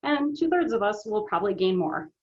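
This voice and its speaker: A woman's voice: mid-range voice, very animated, fairly quick, a little mellow, muffled recording. A middle-aged woman speaking as an interview guest, earnest and conversational, often checking in with "right?" and filler ums. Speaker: guest, author and business owner.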